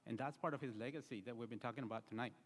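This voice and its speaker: A man's voice: medium pitch, rapid-fire. A man giving an earnest, story-filled eulogy at a memorial service, with frequent fillers. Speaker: eulogy speaker. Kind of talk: memorial speech. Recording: reverberant hall.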